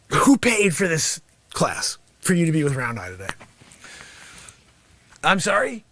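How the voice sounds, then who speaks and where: A greedy, bossy karate sensei, put on by a man barks and hard-sells at his students in a very high, piercingly bright voice. The pitch swings wildly as he scolds, with a gravelly edge, recorded close and dry. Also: dry recording, exaggerated voice. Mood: sly needling. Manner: shouting, hard-selling, scolding. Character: brash loud-mouthed male karate sensei, greedy and bossy. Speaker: host. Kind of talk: improvised comic character monologue.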